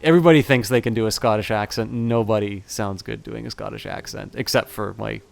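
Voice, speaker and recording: Male streamer, low and gravelly, rambling, apologetic, reads a game aloud. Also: fairly even intonation, brisk. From Canada. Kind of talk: casual chat and reading a game aloud.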